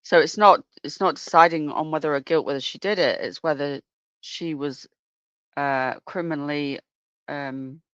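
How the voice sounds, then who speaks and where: A co-host in casual chat, explaining calmly and sometimes searching for words. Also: mid-range voice, normal speed, smooth, no room sound. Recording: dull, dry sound.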